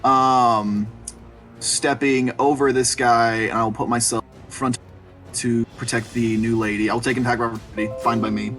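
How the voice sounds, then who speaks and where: A man's voice: mid-range voice, level tone, moderate pace, over music. A man with a headset, a player in an online tabletop game, eagerly describing his character's attacks in vivid detail.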